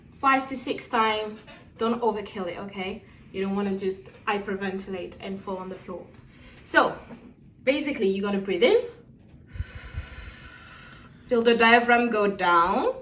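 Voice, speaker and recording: A woman's voice: medium pitch, a bit bright. A woman singing teacher giving a casual video lesson, chatting as she demonstrates breathing. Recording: echoey room from far off, faint noise.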